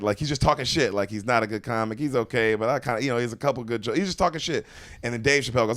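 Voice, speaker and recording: A man, a comedian guest, telling a story in casual chat, animated and profane, acting out voices. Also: on the low side, quick pace, dry recording, studio quality.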